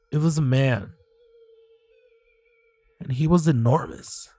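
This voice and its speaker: Slow, high-voiced male horror narrator. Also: vocal fry, no echo. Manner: hesitant, with sighs and restarts. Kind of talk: first-person horror storytelling.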